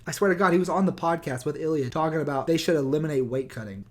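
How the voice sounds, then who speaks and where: On a new mic of his own, a young YouTuber delivers a profane, sarcastic, heated rant. His voice is fairly high, and he talks fast with few pauses.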